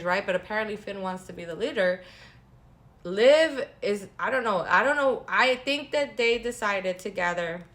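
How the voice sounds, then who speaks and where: A woman talking casually and gossipily as a vlogger, animated and repeating phrases for emphasis, with sarcastic asides. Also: mid-range voice. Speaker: wrestling recap vlogger. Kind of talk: casual chat.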